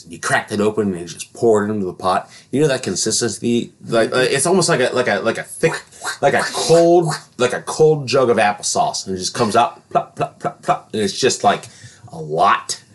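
A man telling a crude story in casual chat, swearing often and jumping to loud outbursts. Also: lowish voice. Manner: profane, animated storytelling with sudden loud outbursts. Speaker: podcast co-host, caregiver.

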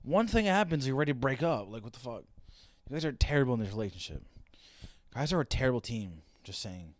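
A man's voice: mid-range voice, big pitch swings, brisk, no echo, clean studio sound. A young man giving casual reaction commentary, swearing and wisecracking as he rants. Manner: profane, wisecracking, ranting. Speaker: reaction video host.

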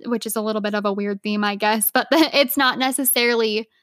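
A young woman co-hosting a podcast, chatting casually and laughing easily as she fills her talk with "like". Her voice sits fairly high, and the sound is dry and close with almost no room. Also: fairly even intonation, fast, a bit bright, dry recording. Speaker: podcast co-host. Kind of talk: casual chat.

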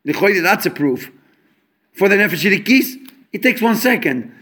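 Brief: male Torah teacher, high pitched, lively, homely examples, Hebrew terms sprinkled in. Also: normal speed. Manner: animated, explains with homely examples; mixes English with Hebrew and Yiddish terms. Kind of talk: fabrengen talk on Chassidic teachings.

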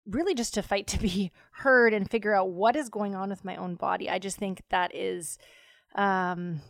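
A woman's voice: mid-range voice, fairly even intonation, moderate pace, gravelly, no room sound, studio quality. A woman hosting a conversational interview, speaking in an empathetic, reflective way with many fillers. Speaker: podcast host.

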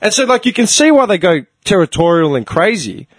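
A man, chatting casually and telling a story in an animated, sweary way. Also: high-pitched, brisk, dry recording. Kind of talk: casual chat.

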